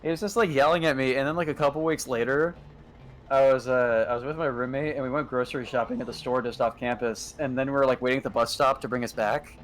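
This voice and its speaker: A man in his twenties chatting casually on a gaming livestream, telling stories in an animated way that acts out loud quotes. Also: mid-range voice, fast. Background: faint game music.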